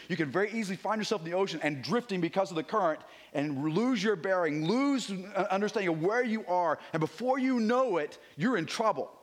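A man preaching a sermon as a visiting pastor, animated and conversational, sometimes dropping to a hushed near-whisper for emphasis. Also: sits high. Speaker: guest preacher.

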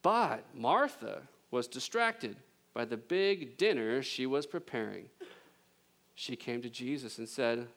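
A man preaching a sermon as pastor, conversational and joking, with emphatic swings between loud intensity and a hushed delivery. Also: medium pitch, expressive, takes it slowly. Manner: conversational with jokes and laughter.

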